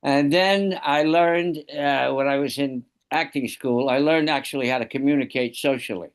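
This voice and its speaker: A man's voice: medium pitch, fairly even intonation, moderate pace, clean tone. An older man sharing a reflective personal story in a study group on a video call.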